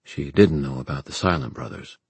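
A man narrating an audiobook with steady storytelling. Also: very deep voice, brisk, creaky, breathy edge, no room sound.

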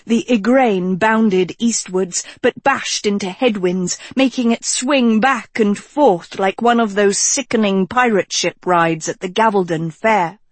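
Slow, measured woman narrator. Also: medium pitch, no echo. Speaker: audiobook narrator. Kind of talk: scripted storybook narration.

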